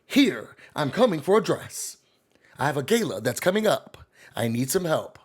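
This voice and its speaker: Prim newsreader-voiced woman, as a male host puts her on, over-enunciated and a little higher. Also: big pitch swings, moderate pace, breathy edge. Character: polished woman with a put-on newscaster voice.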